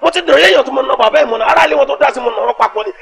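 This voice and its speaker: A man's voice: very high-pitched, very fast, creaky, fairly bright tone, exaggerated voice, poor audio. An actor playing a brash young male street gang leader with a Nigerian accent, mixing Yoruba and Pidgin in a swaggering street voice. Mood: boastful. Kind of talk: Nollywood film acting.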